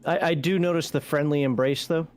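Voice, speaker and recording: A man's voice: on the high side, fairly even intonation, darkish tone, smooth, faint music behind. A man playing a tabletop game, chatting casually and stammering through restarts. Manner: quick and stammering, many restarts. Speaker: player.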